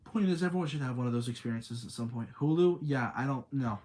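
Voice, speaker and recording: A man's voice: mid-range voice, fast talker, a little mellow. A young man rambling through a casual spooky story on a livestream, reading chat aloud between thoughts. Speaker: streamer.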